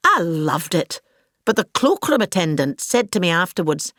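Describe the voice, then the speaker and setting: A woman's voice: on the low side, very animated, normal speed, a bit bright, dry recording, studio quality. A woman with a Scottish accent playing a vain, grandiose older actress in a scripted comic monologue, pompous and gossipy. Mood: grand.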